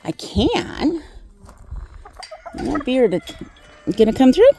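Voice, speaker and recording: A woman's voice: high voice, sing-song, unhurried, noisy background. A woman talking casually to her goats and chickens in a barnyard, cooing affectionate baby talk. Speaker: hobby farmer vlogger. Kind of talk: casual farm vlog talk. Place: outdoor barnyard.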